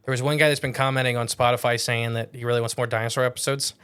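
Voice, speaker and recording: Man, podcast co-host, casual chat, rambling, jokey, self-correcting, average pitch. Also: level tone, rapid-fire, a bit bright, clear, resonant tone.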